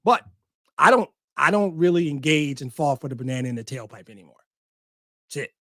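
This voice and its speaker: A man's voice: fairly high pitch, lively intonation, fairly quick, pushed and bright, no room sound, clean studio sound. Fired-up man hosting a sports podcast. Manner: emphatic, repeats short punchy phrases, occasional swearing. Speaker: podcast host. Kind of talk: passionate sports talk.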